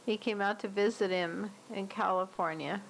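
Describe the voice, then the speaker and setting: A woman's voice: medium pitch, steady tone, normal speed, vocal fry, slight background noise, poor audio. An older woman casually narrating old family home movies, recalling details in a chatty way. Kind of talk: casual reminiscing.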